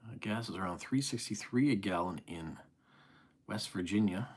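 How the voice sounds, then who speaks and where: A middle-aged man with an East Coast Canadian accent hosts a live stream. His voice sits a little low, and he is friendly and chatty as he reads viewer comments aloud and answers them. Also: moderate pace. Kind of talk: casual live-stream chat reading comments.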